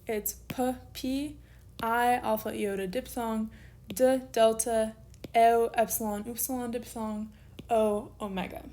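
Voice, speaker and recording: A woman teaches a recorded online lesson in a slightly high voice. She moves at a patient pace and slows down to spell out letters one by one. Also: darkish tone.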